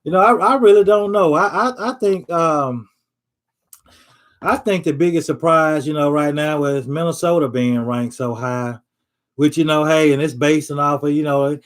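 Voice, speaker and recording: A man giving a casual sports monologue, rambling with many fillers and loose Southern phrasing. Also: on the high side. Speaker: sports commentator.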